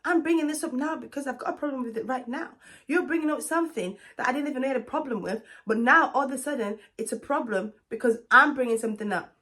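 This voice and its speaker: A woman's voice: high voice, quick pace, a bit bright, pitched above the performer's own voice. A woman voicing a defensive boyfriend who turns blame back on his partner, in a whiny, indignant tone.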